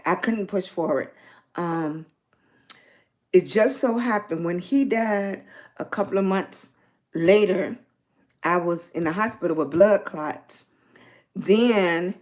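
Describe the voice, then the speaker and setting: A middle-aged woman from Virginia with a soft Southern accent talks to her livestream viewers in an unhurried, easy way. Her voice sits a little low for a woman, and she draws her words out. She greets people in the chat by name and spells them out. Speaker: lifestyle livestreamer.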